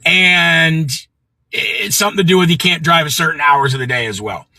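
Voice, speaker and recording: A man's voice: a little high, normal speed, pushed and bright, dry recording, poor audio. A middle-aged man from the American Midwest hosting a livestream, telling a story in a blunt, profane rant and greeting viewers by name. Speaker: livestream host. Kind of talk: ranting livestream monologue.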